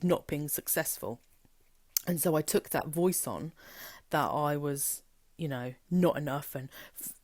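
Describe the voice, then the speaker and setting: A woman with a low-pitched voice talks as a spiritual coach, blunt, emphatic and unafraid to swear. She acts out quoted thoughts with animation. The sound is dry and close, with no room around her. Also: no echo. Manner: frank and emphatic, swears freely, animated quoting. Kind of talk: candid motivational talk.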